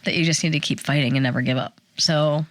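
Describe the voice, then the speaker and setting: A woman in her forties, a podcast co-host telling a personal story in casual chat, animated and acting out the quotes. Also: low voice, no room sound. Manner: animated storyteller, acts out quotes, fast bursts.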